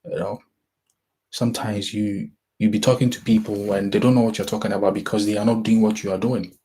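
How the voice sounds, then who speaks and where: A young man from Ghana with a Ghanaian accent talks casually to his listeners. His voice is husky and fairly low, and he rambles and often starts his sentences over. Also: little pitch movement, dark tone. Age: young adult. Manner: rambling, halting, with many restarts. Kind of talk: casual motivational talk.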